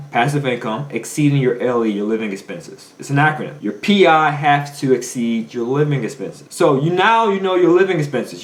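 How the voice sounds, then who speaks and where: A man's voice: medium pitch, reverberant. A man giving a motivational finance talk as a coach, emphatic and preachy, firing off rhetorical questions. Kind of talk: motivational monologue.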